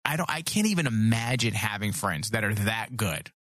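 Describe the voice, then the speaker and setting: A man co-hosting a comedy podcast, telling crude stories in an animated way. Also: fairly low pitch, moderate pace, no room sound, clean studio sound. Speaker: podcast co-host. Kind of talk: casual comedic chat.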